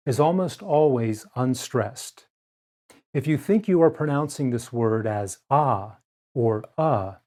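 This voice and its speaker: A man gives a scripted pronunciation lesson in a mid-pitched voice. He speaks very slowly, pausing over each example word and shaping it precisely. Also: a little mellow. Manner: slow, careful, clearly articulated delivery. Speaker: pronunciation teacher. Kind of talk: scripted instructional narration.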